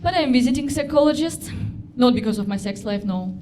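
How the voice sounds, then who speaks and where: A young woman from Russia with a Russian accent, performing a deadpan stand-up routine in halting non-native phrasing. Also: a little high. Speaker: stand-up comedian. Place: comedy club stage. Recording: live club with audience noise.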